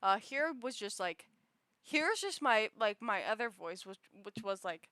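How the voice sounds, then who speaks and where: A woman's voice: mid-range voice, very animated, moderate pace, bright, forceful tone, no echo, clean studio sound. A young woman streaming, chatting casually with lots of giggles and fillers. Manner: giggly, filler-heavy rambling. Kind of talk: casual chat on a livestream.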